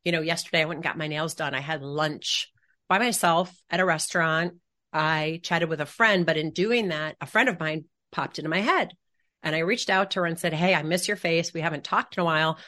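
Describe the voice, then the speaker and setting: A woman's voice: low-pitched, moderate pace, sharp tone. A woman podcast co-host talking in a reflective, storytelling way and sometimes searching for her words. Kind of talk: casual chat.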